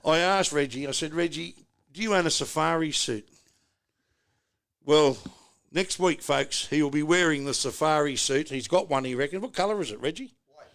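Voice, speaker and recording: A man's voice: fairly high pitch, normal speed, fairly bright tone. A middle-aged man with an Australian accent, hosting a casual podcast from a pub with jokey, rambling banter. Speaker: podcast host. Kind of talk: casual chat. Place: pub, indoors.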